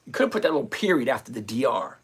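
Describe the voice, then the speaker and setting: Talking very fast in a husky mid-range voice with big swings in pitch, a stock options streamer riffs on covered calls. It's casual live chat, full of jokes and shout-outs to viewers by name.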